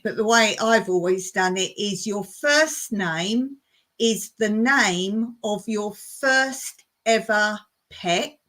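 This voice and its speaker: Slow, chatty woman hosting a live chat. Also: mid-range voice, fairly bright tone. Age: older. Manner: chatty, laughs often, reads viewer comments aloud. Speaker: live stream host. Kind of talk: casual live chat reading comments.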